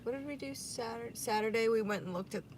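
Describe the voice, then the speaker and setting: A woman's voice: fairly high pitch, fast talker, a little mellow, slight background noise, poor audio. A woman co-hosting a podcast in casual chat, steering the talk and plugging sponsors, recorded in a car. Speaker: podcast co-host.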